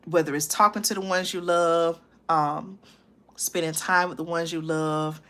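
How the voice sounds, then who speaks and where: A woman hosting her own live stream, chatting casually with viewers and often checking in with a quick "okay?" between thoughts. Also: fairly low pitch, steady tone, sharp tone. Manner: chatty, tags lines with "okay?" and "y'all"; drawn-out fillers and restarts. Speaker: livestream channel host. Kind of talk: casual livestream chat to viewers.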